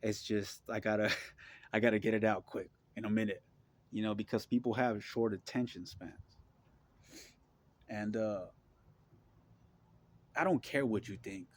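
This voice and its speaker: A man with a fairly low voice delivers an impassioned monologue to his viewers. He is blunt and profane and repeats his points in a preachy way. He keeps checking in with the listener before pushing on. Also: fairly even intonation, a little slow, long pauses. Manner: asks listeners for agreement. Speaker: vlogger.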